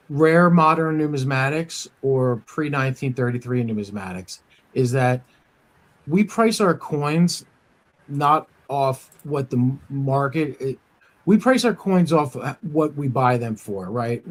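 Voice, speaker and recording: A man from the United States hosting a coin dealer podcast, talking casually with many fillers and restarts. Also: medium pitch. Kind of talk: casual shop talk podcast.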